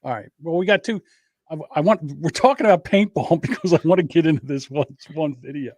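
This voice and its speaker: A man's voice: on the high side, a little fast, darkish tone, no echo, studio quality. A man co-hosting a podcast who chats casually and tells boastful, joking stories. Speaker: podcast co-host. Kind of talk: casual chat.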